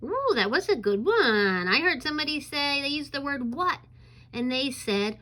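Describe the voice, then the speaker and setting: A woman teacher giving a recorded reading lesson to young children, encouraging them to answer aloud and pausing on "um" fillers. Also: a little high, sing-song, sharp tone, poor audio. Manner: coaxing and encouraging, asks pupils to answer aloud; frequent um fillers while explaining.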